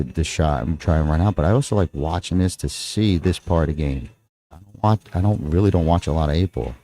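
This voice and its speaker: A deep-voiced man with a Texan accent commentates a live pool match in a dark, relaxed tone. Between shots he rambles casually and jokes around, teasing his co-host.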